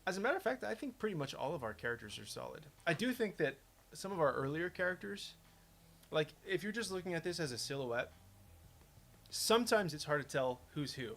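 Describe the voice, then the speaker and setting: Chatty, lively game developer man. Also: fairly high pitch, fairly quick, creaky, a little hiss or hum. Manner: rambling, chatty, self-interrupting. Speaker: game developer playing his own game. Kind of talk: casual gameplay commentary.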